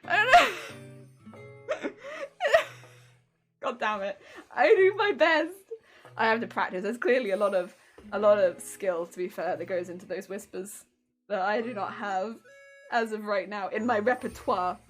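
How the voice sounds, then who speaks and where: A woman's voice: mid-range voice, expressive, measured pace, pauses often. A woman with an English accent chatting casually on a crafting live stream, giggly, rambling and self-mocking. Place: home craft room. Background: faint video game music.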